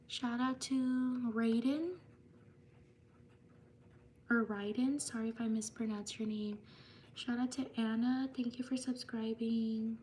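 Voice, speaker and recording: Slow, flat-voiced woman streamer. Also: a little high, a little hiss or hum. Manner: slow, even reading of viewer names. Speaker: livestream host. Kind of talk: live stream shout-outs.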